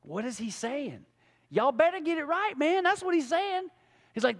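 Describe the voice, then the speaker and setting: High-voiced animated preacher man. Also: moderate pace, big-room sound. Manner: animated, casual preaching with rhetorical questions. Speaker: pastor. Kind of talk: sermon. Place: church sanctuary.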